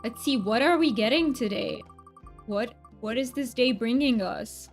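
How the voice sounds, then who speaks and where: A cheerful woman streamer with a slightly high voice, chatting casually to her viewers on a desk mic. She talks in a bubbly, friendly way and laughs easily, with soft game music faintly underneath. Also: lively intonation, measured pace. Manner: bubbly, chatty, reads and answers chat, laughs often. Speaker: livestreamer playing a cozy game. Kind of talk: casual live-stream chat.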